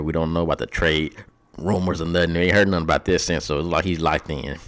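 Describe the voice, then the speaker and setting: A young man with a low voice talks through football predictions off the cuff. He is slangy and casual, swears now and then, and thinks out loud as he goes. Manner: loose, slangy and profane, thinking aloud. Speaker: podcast host. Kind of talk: casual sports prediction talk.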